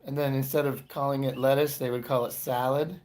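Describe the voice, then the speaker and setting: A man's voice: medium pitch, little pitch movement, brisk, a little mellow. 40s florida guy doing standup, rambles and cuts himself off mid-sentence. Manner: rambling, self-interrupting storyteller. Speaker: comedian. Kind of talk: stand-up comedy.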